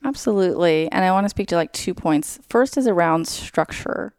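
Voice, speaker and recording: A woman being interviewed as a school psychologist, talking casually and brightly, explaining ideas through everyday examples, with many "like"s and "you know"s. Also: fairly low pitch, lively intonation, normal speed, no room sound, clean studio sound.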